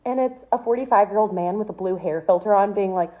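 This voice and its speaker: A woman's voice: medium pitch, quick pace. A young woman telling comedic dating stories in an exasperated, incredulous rant. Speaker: comedic storyteller. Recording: tinny phone-like sound.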